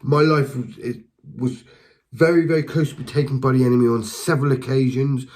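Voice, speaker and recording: A man's voice: medium pitch, steady tone, brisk, a little mellow, poor audio. A man preaching and giving a passionate spoken testimony, talking directly to listeners with fervour, often repeating and restarting words. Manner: speaks to the listener directly with encouragement. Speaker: lay preacher.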